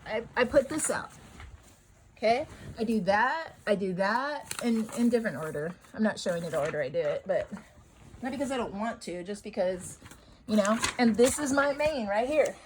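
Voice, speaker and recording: A woman's voice: a little high, lively intonation, moderate pace, a little hiss or hum, poor audio. A woman talking casually about healing stones and affirmations, rambling and repeating herself for emphasis. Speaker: spiritual video host.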